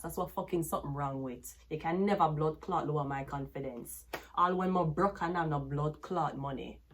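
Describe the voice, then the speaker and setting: A woman with a Jamaican accent giving a tarot reading as a brash, cursing rant that slips into patois. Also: low-pitched. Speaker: tarot reader.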